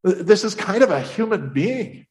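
Man storyteller, in character, fairly high voice, animated, restarts often. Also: normal speed. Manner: animated, breathless telling with many restarts. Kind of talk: first-person Bible story told in character.

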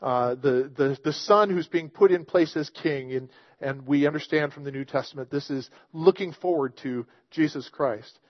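A man preaching a sermon in a fairly high voice, earnest and emphatic as he reads scripture and explains it. The sound is dry and a little dull. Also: normal speed, no room sound. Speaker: pastor.

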